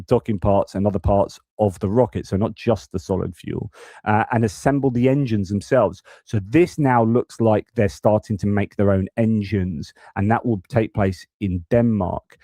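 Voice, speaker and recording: A man talks through the news on a live stream in a low, mellow voice, reading an item and then unpacking it off the cuff. He restarts and corrects himself often. The sound is dry and close, with no room around it. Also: moderate pace, no echo. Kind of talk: casual news commentary.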